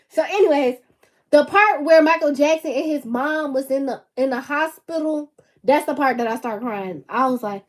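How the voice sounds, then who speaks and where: High-voiced, animated chatty woman. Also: normal speed. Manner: animated, chatty, laughs often, emphatic. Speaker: channel host. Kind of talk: casual talk to camera.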